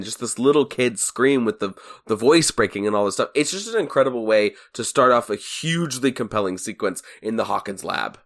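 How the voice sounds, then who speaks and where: A man's voice: mid-range voice, animated, brisk, few pauses, a bit bright. A man co-hosting a podcast, chatting casually and analysing a series, now and then acting out characters' lines. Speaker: podcast co-host. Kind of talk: casual chat.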